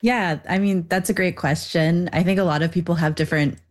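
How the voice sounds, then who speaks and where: A woman's voice: fairly low pitch, steady tone, fairly quick. A young woman, a filmmaker guest in an interview, explaining her subject thoughtfully with frequent fillers. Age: young adult. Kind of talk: interview answer.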